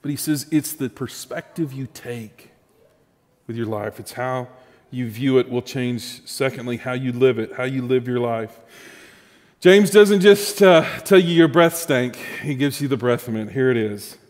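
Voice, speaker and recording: A man's voice: medium pitch, expressive, measured pace, long reverb tail. A man preaching a sermon as pastor, conversational and humorous, with asides to the congregation.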